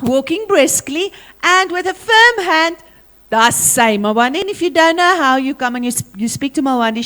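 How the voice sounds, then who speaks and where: A woman's voice: sits high, fairly bright tone. A woman with a South African accent leading a school assembly, talking energetically and playfully as she calls out to pupils.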